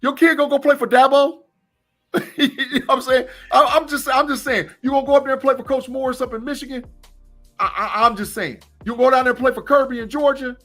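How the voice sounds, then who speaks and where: A man's voice: very high-pitched, fairly even intonation, fast talker, fairly bright tone, faint music behind. A man co-hosting a sports podcast, a former college football player talking emphatically and repeating his points. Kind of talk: casual sports chat.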